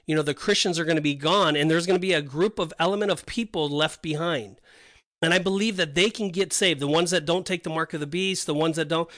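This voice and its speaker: This podcast co-host, a man with a fairly high, slightly bright voice, chats casually about the Bible. He wanders, frequently starts his sentences over, and backs up his points with scripture; the recording has no room sound.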